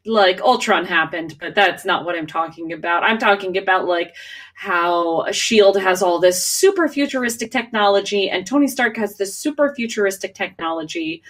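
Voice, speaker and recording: A woman's voice: medium pitch, lively intonation, normal speed, fairly bright tone, far from the mic. A woman co-hosting a podcast in casual chat, talking loosely with many fillers and restarts and laughing often. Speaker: podcast co-host.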